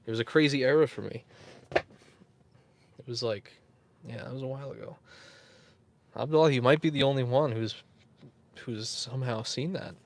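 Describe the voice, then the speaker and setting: A man's voice: mid-range voice, moderate pace, long pauses, slight background noise. A man hosting a casual livestream, rambling, chuckling and answering viewers in the chat. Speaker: YouTube host.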